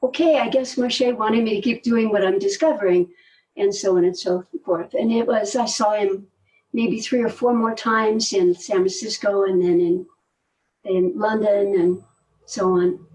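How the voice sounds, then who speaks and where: An older woman telling stories in a relaxed conversation, animated and laughing often, often trailing off mid-sentence. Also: medium pitch, measured pace, recorded from a distance, rough recording. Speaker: guest, movement teacher. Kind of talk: conversational storytelling.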